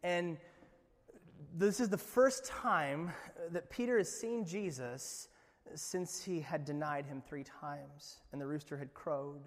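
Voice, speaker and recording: Impassioned preacher man in a reverberant hall. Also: slow pace. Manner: dramatic swings from booming to hushed. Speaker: pastor. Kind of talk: sermon.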